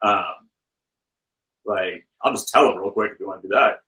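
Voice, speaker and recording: A man's voice: fairly low pitch, normal speed, low-quality recording. A man, a film director and author, guesting on a podcast and telling a story in a loose, chatty way with plenty of filler words. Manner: lively anecdote-teller with loose filler words; acts out the people he quotes with shifted voices. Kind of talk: casual storytelling.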